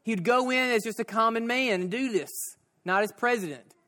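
A man preaching a sermon, repeating phrases and slowing down to stress his points. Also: very high-pitched, sharp tone. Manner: repeats phrases and slows down for emphasis.

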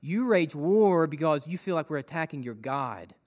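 A man's voice: a little high, lively intonation, normal speed, darkish tone. A male pastor preaching a sermon in a conversational way, acting out quotes and asking the congregation rhetorical questions.

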